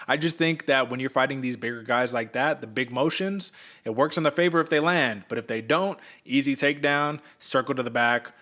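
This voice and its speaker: A man's voice: mid-range voice, fairly quick, pushed and bright. A young man co-hosting a casual sports betting podcast, hyped and slangy, calling the listener brother and folks. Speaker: podcast co-host.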